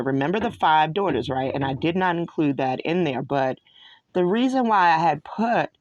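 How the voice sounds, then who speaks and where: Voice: mid-range voice, dry recording. A host in their mid-forties from New York, giving a solo study talk that wanders from one point to another. They stop often to correct themselves. The recording is dry and close, with no room sound. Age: 40s. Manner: rambling, digressive, self-correcting. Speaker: online show host.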